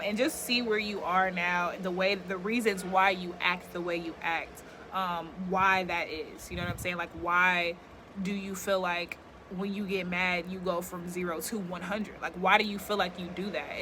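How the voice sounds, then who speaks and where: A woman's voice: on the low side, steady tone, moderate pace, sharp tone, a little hiss or hum. A young woman talking candidly to camera outdoors, rambling and reflective with lots of filler words. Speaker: vlogger. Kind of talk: casual reflective talk to camera. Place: outdoors, yard work nearby.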